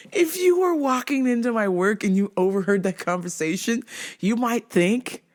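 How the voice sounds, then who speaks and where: A woman's voice: a little high, animated, a little slow, a little mellow. A woman hosting a podcast, telling a story casually, laughing often and swearing freely. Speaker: podcast host.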